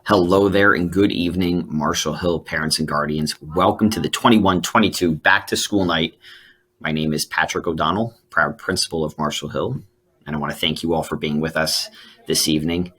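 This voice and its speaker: Very deep-voiced male school principal. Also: steady tone, normal speed, a bit bright, breathy edge. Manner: friendly, casual, many fillers and restarts. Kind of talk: video welcome address.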